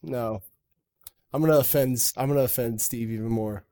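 A man's voice: mid-range voice, normal speed, dark tone, smooth. A man from New York co-hosting a casual gaming chat, blunt and offhand, with plenty of swearing. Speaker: podcast co-host.

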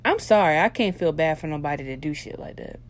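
A woman's voice: low voice, fast. Blunt, foul-mouthed woman ranting. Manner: blunt, heavily profane, swings into loud animated ranting. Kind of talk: casual unscripted monologue.

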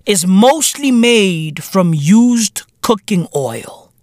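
Man, 30s, profane laughing rant, lively swooping pitch, dry sound. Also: drawn-out words, no room sound. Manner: profane, laughing, repetitive, loud outbursts. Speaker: podcast host. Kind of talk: comedic monologue rant.

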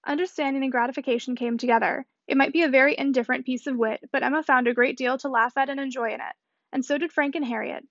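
A woman reading a novel aloud as narrator, in a measured, even manner. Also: high-pitched, no echo. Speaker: audiobook reader. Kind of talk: scripted narration. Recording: dull dry audiobook recording.

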